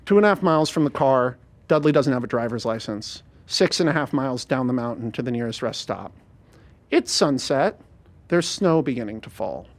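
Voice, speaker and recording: A man hosting a podcast, telling a story in an animated, rapid, profane way. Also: medium pitch. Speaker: podcast host. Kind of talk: casual storytelling chat.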